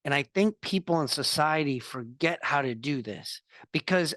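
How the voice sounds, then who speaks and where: A man's voice: on the high side, lively intonation, normal speed, fairly bright tone, no room sound, studio quality. A man, a podcast guest on a video call, speaking earnestly and candidly about his own experience. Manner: earnest, confessional storytelling. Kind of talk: candid interview talk.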